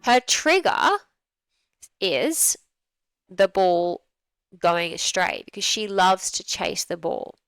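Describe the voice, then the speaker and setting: A woman's voice: medium pitch, very animated, slow pace, pauses often, fairly bright tone, clear, resonant tone, no echo, rough recording. A woman dog trainer giving a conversational commentary on a training video, explaining things through acted-out examples.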